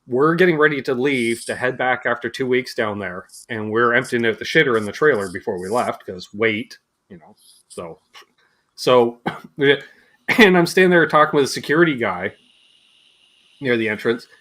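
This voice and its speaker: A man's voice: mid-range voice, normal speed. A Canadian man hosting a casual chat over a video call, animatedly telling anecdotes. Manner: animated storyteller, mimics voices in anecdotes. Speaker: host.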